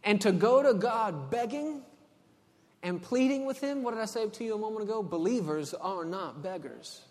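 A man from Texas preaching a sermon, swinging between hushed passages and loud, emphatic ones. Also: sits high, lively intonation, normal speed. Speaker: pastor. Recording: long hall reverb.

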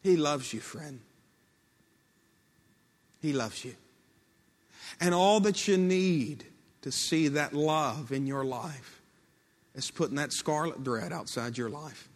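A man's voice: fairly high pitch, slow pace, pauses often. A man preaching a sermon in a storytelling way, acting out quoted speech and building to impassioned peaks. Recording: long hall reverb.

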